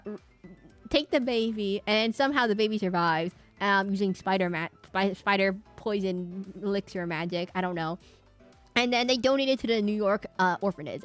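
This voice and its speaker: A woman's voice: mid-range voice, normal speed, fairly bright tone, soft background music. Rambling woman streamer chatting. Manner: rambling, with many fillers and restarts. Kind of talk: casual chat with a live stream audience.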